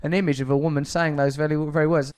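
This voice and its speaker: A man's voice: a little high, little pitch movement, fast, a little mellow, clear, resonant tone. A man hosts a comedy podcast in a slightly raised voice. He spins a rambling anecdote in a wordy, mock-formal way, stumbling and restarting as he goes. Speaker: podcast host.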